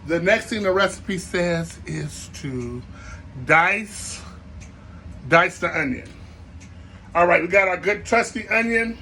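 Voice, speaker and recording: A man's voice: high-pitched, expressive, slow pace, pauses often, sharp tone, a little hiss or hum. A man hosting a comic cooking show, rambling playfully with asides while he chops vegetables.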